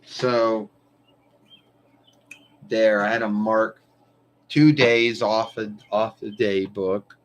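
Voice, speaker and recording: A man's voice: fairly low pitch, steady tone, extremely slow, long pauses, a little hiss or hum, poor audio. A man hosting a live stream, talking in a loose, meandering way and swearing casually. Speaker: livestream host.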